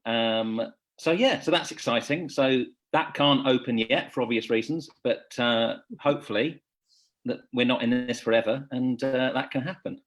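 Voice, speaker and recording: Man, easygoing, self-deprecating, mid-pitched voice, video call. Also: normal speed. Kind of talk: casual video-call chat.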